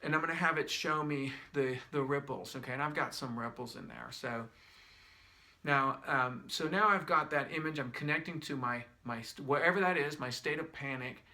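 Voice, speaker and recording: A middle-aged man guides a breathing exercise in a gentle, repetitive way, thinking aloud and restarting his sentences. His voice is gravelly with a bright, forceful edge. He is tearing up as he talks. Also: medium pitch, normal speed. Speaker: wellness instructor.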